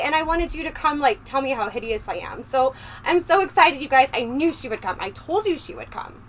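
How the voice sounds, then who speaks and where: A woman's voice: big pitch swings, fairly quick. A woman livestreamer chatting casually and ramblingly with her viewers on a close microphone. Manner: chatty and rambling, talking straight to the chat. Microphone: close desk microphone. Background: low fan hum.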